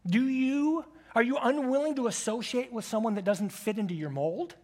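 Preacher, sermon, husky voice, mid pitch, second-person storytelling, direct questions to the congregation. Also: moderate pace, a little mellow.

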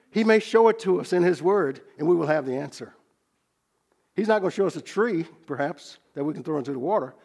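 Gravelly husky-voiced male preacher. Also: a little high. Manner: measured, earnest bible teaching with slowed emphasis on key phrases. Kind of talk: sermon.

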